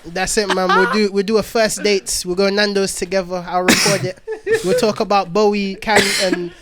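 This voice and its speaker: A man co-hosting a podcast in casual chat, enthusiastic, full of slang and quick to laugh. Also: sits high, flat delivery, very noisy. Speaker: podcast co-host.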